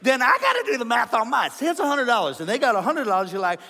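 Male pastor, middle-aged, comedic sermon, lively swooping high voice, bright, long church reverb. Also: fast, vocal fry, slight background noise. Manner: animated, jokes and acts out voices of his listeners. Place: large church hall.

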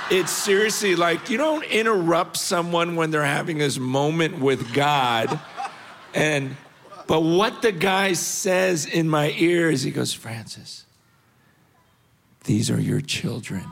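A middle-aged man giving an earnest, animated personal story as a guest on a panel. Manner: earnest, animated storytelling, rising in pitch when intense.

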